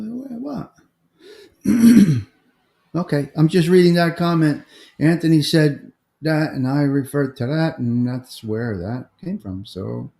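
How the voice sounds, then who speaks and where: A man's voice: mid-range voice, creaky, mellow, reverberant. Chatty New man hosting a stream. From United States. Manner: chatty, greets viewers by name, drifts between topics. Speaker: livestream host. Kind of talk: casual live-stream chat reading comments.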